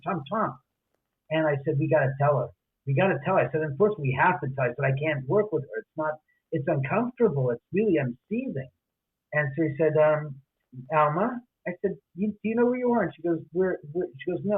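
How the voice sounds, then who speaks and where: A man with a husky, somewhat high voice tells a story in a podcast interview, acting out everyone's lines with restarts and asides. He comes through a tinny, phone-like line. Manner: acts out quoted dialogue, many restarts and asides. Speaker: guest, homeowner and author.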